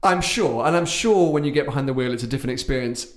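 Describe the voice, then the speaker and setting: A man's voice: mid-range voice, lively intonation, fast talker. A man co-hosting a podcast, trading opinionated, teasing remarks about cars. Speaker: podcast co-host. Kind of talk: casual car chat.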